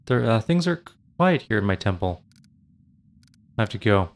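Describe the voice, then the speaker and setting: A man's voice: medium pitch, quick pace, lightly acted. A man voicing a nervous young male cleric who stutters and pleads. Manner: stammering, pleading.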